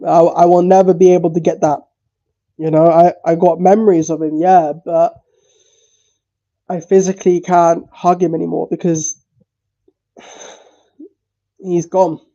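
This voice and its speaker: A tearful man talks on a stream in a halting way, stumbling and repeating words and swearing now and then. His voice is high and very dark, and he speaks slowly. The audio is dull and lo-fi. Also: flat delivery. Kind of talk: emotional livestream talk.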